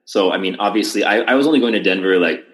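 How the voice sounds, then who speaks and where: A man's voice: sits low, fast talker, fairly bright tone, poor audio. A young man hosting a podcast, telling a long story in casual chat with lots of restarts and fillers. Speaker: podcast host.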